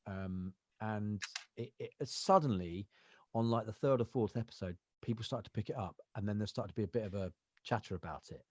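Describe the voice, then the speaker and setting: A man's voice: lowish voice, brisk, darkish tone, no echo. A man, an actor telling rambling anecdotes as a podcast guest. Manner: rambling anecdotal storytelling, lots of fillers. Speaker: actor and voiceover artist, guest. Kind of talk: casual interview chat.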